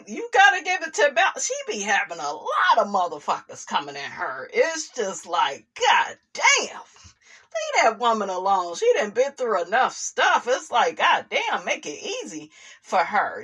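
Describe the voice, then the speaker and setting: Slow, sassy woman gossip commentator. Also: fairly high pitch, husky. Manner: sassy and expressive, frequent laughter, drawn-out asides with "honey" and "child". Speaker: commentary channel host. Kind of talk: casual gossip commentary, reading viewer comments.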